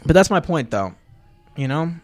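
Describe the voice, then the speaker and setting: A man's voice: a little high, very animated, normal speed. A young man hosting his own podcast livestream, chatting loosely to viewers with fillers, tangents and plugs for his channels. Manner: rambling, loose, with fillers and self-promotion. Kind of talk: casual livestream chat to viewers.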